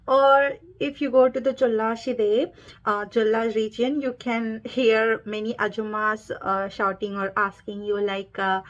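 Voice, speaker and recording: Woman chatting about dialects, higher voice, kinda muffled dull audio. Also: level tone, a little slow. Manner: chatty, hesitant, with bursts of enthusiasm. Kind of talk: casual explainer. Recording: dull lo-fi sound.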